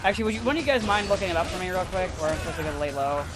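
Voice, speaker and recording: A man with a high voice chats loosely while he plays, joking around and now and then breaking into silly singing. Faint game music hums behind him. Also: expressive, racing. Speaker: let's play gamer. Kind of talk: casual chat while gaming.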